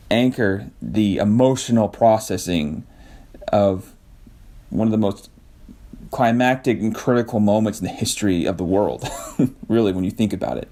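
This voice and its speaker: A man hosting a casual devotional talk, thinking aloud with restarts and soft laughs. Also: lowish voice. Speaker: podcast host.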